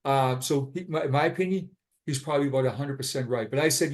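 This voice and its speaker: A man's voice: medium pitch, fast. A blunt man in his fifties with a Boston accent, telling his story as a retired police sergeant in a casual interview. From Boston, USA. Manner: blunt, frank.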